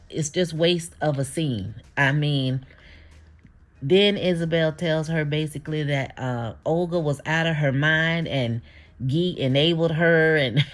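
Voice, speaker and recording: A speaker casually recapping a TV episode, retelling scenes by quoting the characters, chuckling often and adding blunt opinions. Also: mid-range voice. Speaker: TV show recapper.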